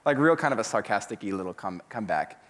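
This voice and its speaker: Casual, animated male preacher. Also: fairly low pitch, fast talker. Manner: casual, animated storytelling with acted voices. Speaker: pastor. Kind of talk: sermon retelling a parable.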